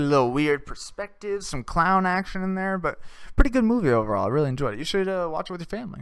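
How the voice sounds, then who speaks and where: Young man, podcast host, rambling story monologue, cursing and laughing, fairly high smooth voice, dry close sound. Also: fairly quick, no echo. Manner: animated, swears a lot, laughs at his own stories.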